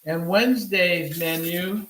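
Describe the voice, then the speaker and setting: A man's voice: high voice, takes it slowly, a bit bright, roomy sound, a little hiss or hum, rough recording. A man giving a casual cooking demonstration, talking to viewers as he cooks and answering his own questions. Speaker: cooking instructor. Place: home kitchen.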